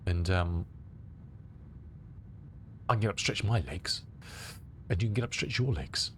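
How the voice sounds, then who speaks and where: Chatty, lively-voiced English streamer with a cold. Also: male voice, deep voice, measured pace, a little hiss or hum. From England. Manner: rambling, chatty, answers chat aloud. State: has a cold. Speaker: flight sim streamer. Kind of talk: casual live-stream chat with viewers.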